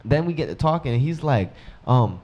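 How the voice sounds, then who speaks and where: A man's voice: mid-range voice, expressive, moderate pace, darkish tone, lo-fi sound. A man co-hosting a podcast, telling a story in casual chat, slangy and full of restarts. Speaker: podcast co-host.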